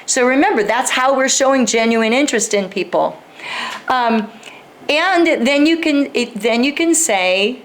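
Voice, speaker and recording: A woman with a fairly high voice speaks at a normal pace, teaching a live group about persuasion. She keeps it conversational, acting out sample dialogues and putting questions straight to her audience.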